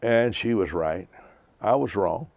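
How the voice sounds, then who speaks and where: A man in his seventies preaching a sermon slowly and emphatically, repeating key lines. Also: fairly low pitch, lively intonation, a little mellow. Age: 70s. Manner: slow, emphatic preaching with repetition.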